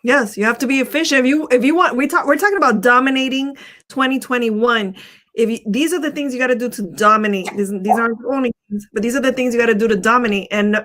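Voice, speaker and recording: A middle-aged woman co-hosting a motivational talk, her voice sitting a little high. She speaks with energy and often repeats phrases for emphasis. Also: fairly bright tone. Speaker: co-host.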